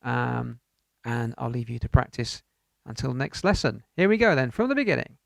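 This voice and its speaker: A man's voice: mid-range voice, big pitch swings, normal speed, gravelly, no echo. A man teaching an online piano lesson, encouraging and counting rhythms aloud. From United Kingdom.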